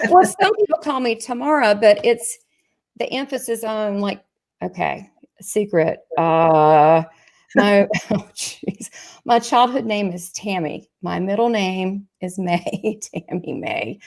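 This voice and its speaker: A woman with a Southern US accent hosts a live online chat show. She is talkative and excitable, jokes about herself and drifts into asides. She speaks at an ordinary pitch into a computer microphone. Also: slow pace. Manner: chatty, excitable, self-mocking, sales pitch asides. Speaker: medium and show host.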